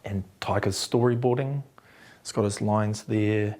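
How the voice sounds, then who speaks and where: A man's voice: lowish voice, measured pace. A man with a New Zealand accent, an actor telling anecdotes in an interview and acting out what others said. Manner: animated, acts out quotes of others.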